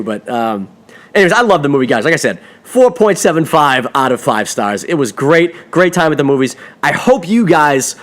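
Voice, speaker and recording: Excited rambling man reviewing a film. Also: on the high side. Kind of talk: casual movie review.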